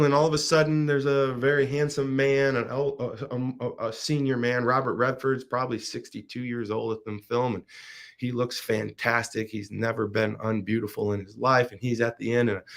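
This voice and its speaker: A middle-aged man with a gravelly, fry-edged voice recounts a movie in a loose, animated monologue. He trips and restarts on words as he goes, speaking as the host of his own show at a medium pitch. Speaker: podcast host. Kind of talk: casual storytelling monologue.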